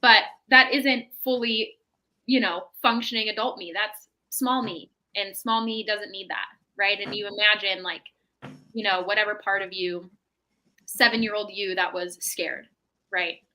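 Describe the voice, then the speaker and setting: A woman's voice: medium pitch, steady tone, moderate pace, bright, forceful tone, rough recording. A woman, a mental health professional appearing as a podcast guest, talking in a reflective, explanatory way and often checking in with "right?". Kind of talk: casual podcast chat.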